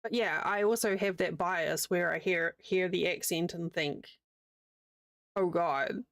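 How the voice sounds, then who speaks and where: A woman's voice: lowish voice, normal speed, fairly bright tone, no echo, studio quality. A young woman with a New Zealand accent, chatting casually with her livestream audience while she crochets, rambling and answering chat as she goes. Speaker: streamer.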